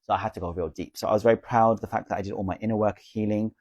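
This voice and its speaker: A man's voice: fairly low pitch, steady tone, rapid-fire, a little mellow, dry recording, lo-fi sound. Chatty man hosting a spiritual Q&A. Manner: chatty, reads viewer comments aloud and answers them. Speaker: spiritual live-stream host. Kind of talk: casual live-stream Q&A.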